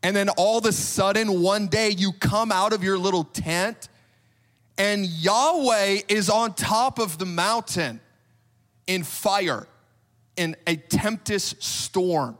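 Male preacher, high voice, casual storyteller who acts out the quotes, long hall echo. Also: slow pace, fairly bright tone. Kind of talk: sermon.

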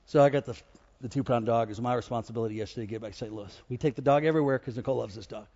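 A male pastor preaching a humorous storytelling sermon, animated and joking, rising into loud exhortation. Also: medium pitch, rapid-fire, in a large hall, lo-fi sound. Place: church with congregation.

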